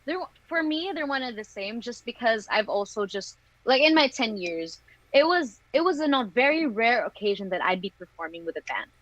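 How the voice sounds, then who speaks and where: A woman's voice: on the high side, animated, moderate pace, a bit bright, dry recording, rough recording. A young woman from the Philippines, a singer chatting candidly as an interview guest and laughing often between thoughts. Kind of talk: casual interview chat.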